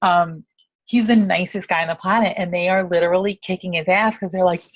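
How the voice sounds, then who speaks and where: A woman in her thirties from New York, hosting a casual team call and telling stories in a brash, profane, animated way. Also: on the low side, brisk.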